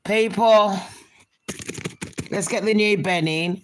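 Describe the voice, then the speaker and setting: Slow, sweary woman ranting. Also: medium pitch, a little hiss or hum. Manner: sweary, mocking, laughing at her own jokes. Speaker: commentary vlogger. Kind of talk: ranting commentary vlog.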